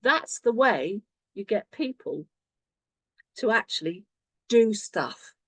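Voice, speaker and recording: A woman's voice: a little high, slow pace, breathy edge, no room sound. A woman coaching her sales team on a video call, acting out sample conversations as she goes. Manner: animated, acts out sample conversations. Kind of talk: online team coaching session.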